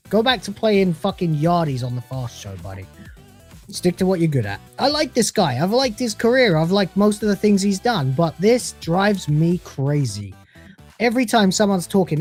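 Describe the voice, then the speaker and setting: A man's voice: a little high, darkish tone. Guy ranting about a tv show, sarcastic and sweary, faint music in the back. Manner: sarcastic, scornful, swears freely. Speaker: TV reviewer. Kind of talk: ranting review.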